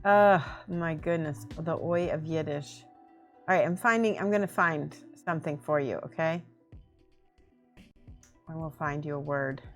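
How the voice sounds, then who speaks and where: A woman's voice: sits low, unhurried, long pauses, faint music behind. A woman chatting casually on a livestream while painting miniatures, giggling often and thinking aloud.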